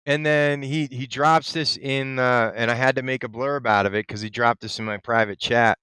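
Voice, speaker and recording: A male host giving casual, excited commentary, chatty and quick to laugh. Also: medium pitch, clean tone, no echo.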